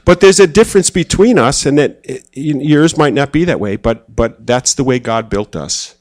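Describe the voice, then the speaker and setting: A man's voice: mid-range voice, expressive, moderate pace. A man at a church talk with an ordinary mid-range voice, chatting rather than preaching. He tells homely stories in a self-deprecating way and briefly mimics the people in them. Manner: casual, self-deprecating, acts out quoted voices. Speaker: church speaker. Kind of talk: conversational sermon with personal stories.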